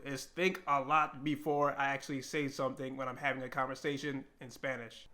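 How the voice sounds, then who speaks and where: A young man talking earnestly and reflectively to camera in a personal vlog, with pauses and restarts. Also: on the high side, a bit bright. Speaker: language-learning vlogger.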